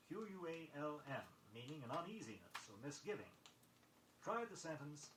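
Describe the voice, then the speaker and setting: A man reading a scripted pronunciation lesson, measured and precise, spelling words letter by letter on an old record. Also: on the high side, sing-song, fairly bright tone. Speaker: vocabulary record instructor. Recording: echoey vintage vinyl recording with faint noise.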